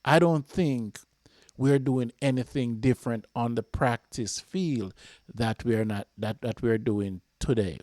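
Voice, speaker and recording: A Jamaican man hosting a fan channel, giving an impassioned match reaction that repeats itself and flares up before calming. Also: medium pitch, unhurried, dry recording, clean studio sound. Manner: impassioned, repeats himself, flares up then calms.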